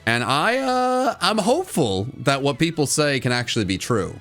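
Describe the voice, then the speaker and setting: A young man co-hosting a casual gaming chat, playful and jokey, with excitable reactions. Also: a little high, normal speed, faint music behind. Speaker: co-host of a gaming channel.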